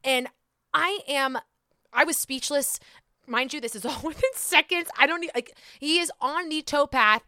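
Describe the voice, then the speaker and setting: A young adult woman hosting a podcast, telling a story in a casual, self-mocking, animated way. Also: high voice, moderate pace, dry recording. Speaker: podcast host. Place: Atlanta.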